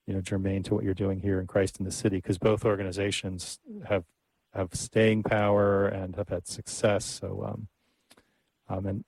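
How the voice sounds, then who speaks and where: A man's voice: fairly low pitch, vocal fry, a little mellow, no room sound, rough recording. A man hosting an interview who asks long, winding questions. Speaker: host, interviewer. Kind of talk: interview conversation.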